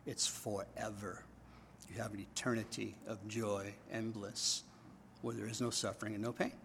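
A male pastor preaching a sermon in church before a congregation. He keeps checking in with his listeners and swings between loud, emphatic bursts and quiet, low asides. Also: level tone, moderate pace, creaky, a little hiss or hum.

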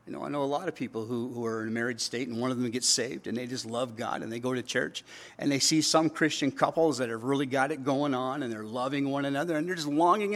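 A man's voice: medium pitch, fast, a bit bright. A middle-aged man, preaching a sermon in a conversational way and slipping into quoted voices. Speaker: pastor.

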